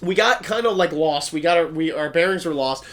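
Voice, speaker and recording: A man's voice: on the high side, a little fast, a bit bright. A young man from New Jersey, co-hosting a podcast, tells rambling, filler-heavy stories full of acted-out quotes. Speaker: podcast co-host. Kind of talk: casual chat.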